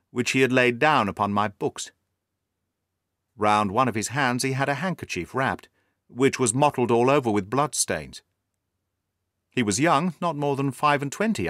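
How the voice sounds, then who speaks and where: A man narrating a period story in a measured, formal storytelling manner. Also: medium pitch, a bit bright, no room sound, studio quality. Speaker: audiobook narrator.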